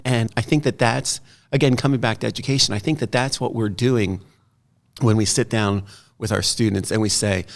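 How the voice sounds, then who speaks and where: A middle-aged man with a low, gravelly voice, chatting as a guest. He tells his stories with animation, slipping into other people's voices when he quotes them. Casual and conversational throughout. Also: normal speed. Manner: animated storyteller, quoting others in lively voices. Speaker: guest artist and author.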